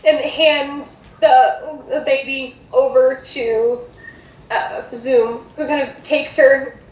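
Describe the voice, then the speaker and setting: A woman's voice: high voice, steady tone, slow. A woman game master narrating a tabletop game, rambling and correcting herself as she goes, in an echoey room. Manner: rambling, hesitant, self-correcting.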